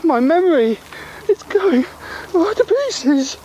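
A woman's voice: extremely high pitch, very animated, slow, mellow, highs cut off, a little hiss or hum, full character voice. A woman playing a frightened man whose memory is falling apart, in an amateur audio drama, talking in panicky, tearful bursts. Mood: panicked. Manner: breathless, panicky, tearful pleading. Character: confused frightened man losing his memory.

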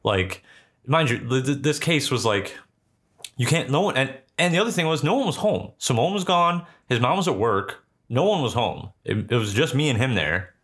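A man's voice: medium pitch, expressive, moderate pace, a bit bright. Young man telling a rambling story. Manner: rambling, profane, heavy filler words. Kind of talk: casual storytelling chat.

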